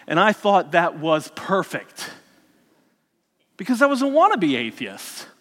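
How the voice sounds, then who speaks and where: Bright high-voiced man telling his story. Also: huge pitch swings, unhurried, long reverb tail. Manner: candid storytelling with frequent restarts. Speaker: speaker sharing his testimony. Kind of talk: personal faith story told to an audience.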